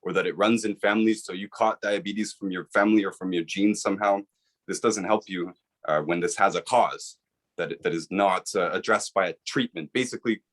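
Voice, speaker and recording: A man with a fairly low voice speaks as an interview guest. He explains in an earnest, persuasive way and keeps checking in with the listener. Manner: earnest, persuasive, repeats "right?". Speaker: author and guest.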